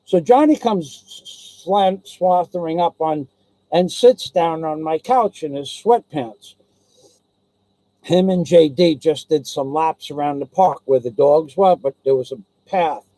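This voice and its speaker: A man's voice: fairly high pitch, takes it slowly, mellow, no echo, poor audio. A man telling a casual personal anecdote, rambling and digressive with many restarts, blunt and salty in his talk. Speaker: storyteller.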